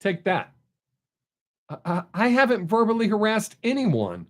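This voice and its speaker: A middle-aged man talks straight to his live-stream viewers in a blunt, chatty way. His voice sits a little on the high side, and he rambles easily from one story to the next. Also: very animated, a little slow. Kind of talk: casual chat with viewers.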